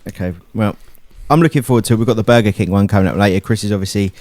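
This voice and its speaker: A man's voice: on the low side, racing, a little mellow, no echo. A man co-hosting a podcast, chipping in with dry, wry asides. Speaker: podcast co-host. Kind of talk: casual banter.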